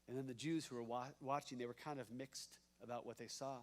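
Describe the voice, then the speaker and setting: A male pastor preaching a sermon. He swings from hushed, slow lines to loud, emphatic ones, with a repeating cadence and playful asides. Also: medium pitch, steady tone.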